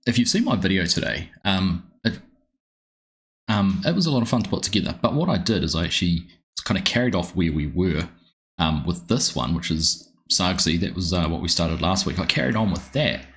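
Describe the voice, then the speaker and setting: A man with a New Zealand accent chats casually on a live game stream. His voice sits very low, and he rambles in a friendly way, greeting viewers one by one. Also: fairly bright tone.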